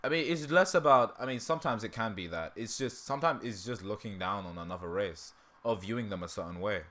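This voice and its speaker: A man chatting on a livestream with a sore throat, his voice bright and forceful. He rambles and laughs a lot, cutting his own sentences short and starting over. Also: on the low side, fairly quick. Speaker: livestream host. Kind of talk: casual livestream chat.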